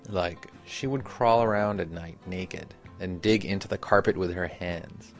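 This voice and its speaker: A man giving measured, reflective scripted narration for a radio story. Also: low-pitched, soft background music.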